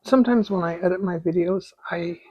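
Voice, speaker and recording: A middle-aged woman hosting a relaxed embroidery tutorial from her craft desk at home, with soft, unhurried, chatty asides. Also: on the low side, slightly rough, no echo, lo-fi sound. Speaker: embroidery video host. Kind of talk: relaxed stitching tutorial chat.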